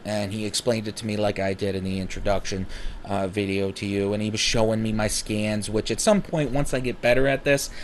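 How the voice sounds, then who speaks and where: A man's voice: lowish voice, fairly quick, a little hiss or hum. Rambling man telling his own story. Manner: rambling, with many fillers and self-corrections; animated when acting out his own and others' words. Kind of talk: casual personal storytelling.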